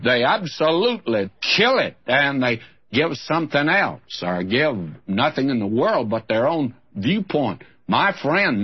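Husky, animated man preaching on radio. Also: mid-range voice, dull audio. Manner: folksy, emphatic preaching with lively rises for scripture. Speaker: radio Bible teacher. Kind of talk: sermon.

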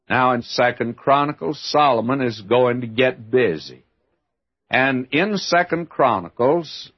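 An older man teaching the Bible in a folksy, emphatic way, calling the listener "my friend". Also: mid-range voice. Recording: dull lo-fi archival recording.

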